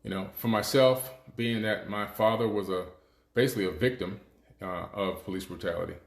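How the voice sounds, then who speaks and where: A man's voice: fairly low pitch, moderate pace, reverberant. A man in his fifties, a show host, telling stories in a casual, conversational monologue. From United States. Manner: conversational storytelling, frequent restarts.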